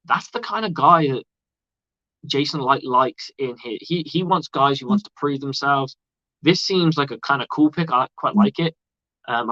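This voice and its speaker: A livestream host from outside the United States rambles through casual sports commentary, chatty and swearing freely. His voice is fairly high, pushed, and bright, and the recording is dull, lo-fi, and dry with no echo.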